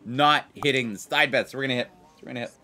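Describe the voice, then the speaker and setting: A man hosting a blackjack video, chatting casually and excitedly as he plays. He repeats himself for emphasis and keeps talking straight to his viewers. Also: mid-range voice, fast. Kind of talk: casual chat while playing blackjack.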